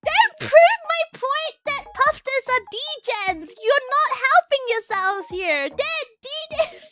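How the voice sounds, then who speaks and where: A woman's voice: very high voice, sing-song, slow pace, few pauses, pushed and bright, a little hiss or hum. A young woman streaming as a VTuber, chatting casually with her viewers, giggly and playfully teasing her chat.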